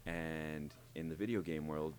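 Very deep-voiced male voice actor. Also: measured pace. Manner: animated, explains by demonstrating voices. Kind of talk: interview conversation.

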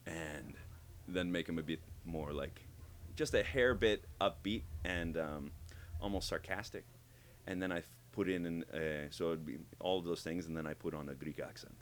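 A man who works as a voice actor, talking in an interview and explaining how he builds his characters, animated and demonstrating as he goes. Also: deep voice, moderate pace, a little hiss or hum. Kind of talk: interview conversation.

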